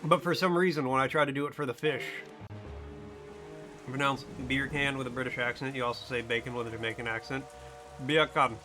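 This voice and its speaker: A playful man chats casually over his game stream, joking about accents as he plays. His voice is bright and forward, with faint music in the background. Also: mid-range voice, steady tone, fairly quick. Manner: playful, tries out silly accents.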